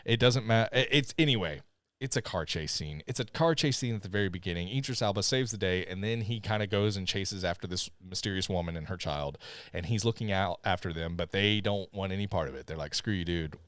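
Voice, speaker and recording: A man's voice: deep voice, fairly quick, a bit bright, no room sound. A man co-hosting a podcast, reviewing a movie in loose, rambling casual chat. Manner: rambling, with fillers and restarts. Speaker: podcast co-host.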